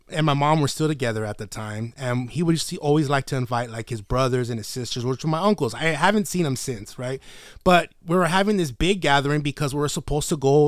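A man's voice: on the high side, no room sound, clean studio sound. A man telling a story in casual chat, swearing constantly and using slang. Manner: profane, slangy, animated retelling. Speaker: podcast co-host.

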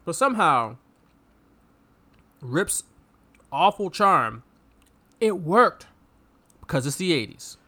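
Man, casual movie review chat, lively swooping pitch, bright voice, mocking impressions. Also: slow pace, pauses often. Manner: animated, acts out characters mockingly. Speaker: podcast co-host.

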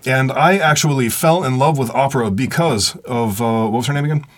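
Fast-talking joking man. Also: mid-range voice. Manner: joking, blunt opinions. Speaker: podcast co-host. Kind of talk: casual chat. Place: recording studio.

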